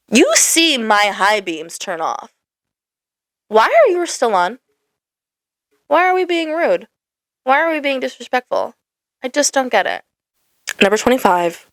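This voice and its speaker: Young female host, exasperated casual rant, lively swooping pitch, dry close-miked sound. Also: no room sound. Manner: exasperated, lots of "like" fillers. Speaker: podcast host. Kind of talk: casual ranting monologue.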